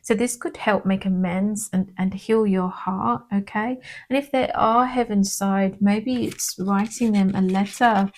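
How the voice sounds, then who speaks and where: A woman giving a casual tarot card reading in a gentle, reassuring manner, often checking in with "okay?". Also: medium pitch, fairly even intonation, a little slow, few pauses.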